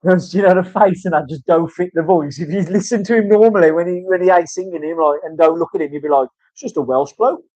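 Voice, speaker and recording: Tattoo artist, male, dark mellow voice, talkative and foul-mouthed, dry dull lo-fi recording. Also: fairly high pitch, steady tone, quick pace, hardly any pauses, dry recording. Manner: chatty, swears freely, tells rambling stories. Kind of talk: casual chat while working.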